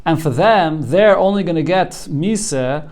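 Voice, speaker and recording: A man's voice: on the high side, expressive, measured pace, darkish tone. A man, a rabbi, teaching a Talmud class, walking students through the text line by line in an earnest way, often repeating a word as he starts a thought.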